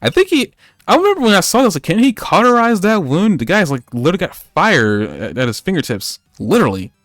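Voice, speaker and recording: A man's voice: high voice, big pitch swings, brisk, a bit bright, no room sound, soft background music. Rambling man recapping anime, dry mic. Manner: rambling, joking, many fillers. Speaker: podcast co-host. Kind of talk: casual anime recap chat.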